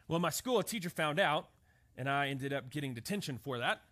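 A man's voice: fairly high pitch, expressive, brisk, a bit bright. A man preaching a sermon, telling stories and often checking in with "right?". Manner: storytelling, often asks "right?". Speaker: pastor.

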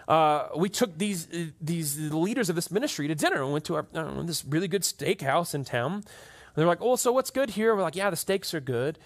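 Man, pastor, conversational sermon, high voice, very animated pitch. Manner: conversational, keeps asking "right?". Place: church hall with an audience.

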